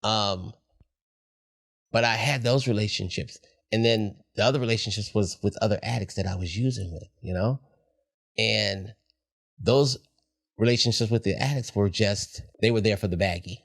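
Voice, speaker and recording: A man's voice: fairly low pitch, normal speed, creaky. A middle-aged man, a podcast guest, talking candidly in a reflective, heartfelt way. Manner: reflective, heartfelt, soft-spoken at times.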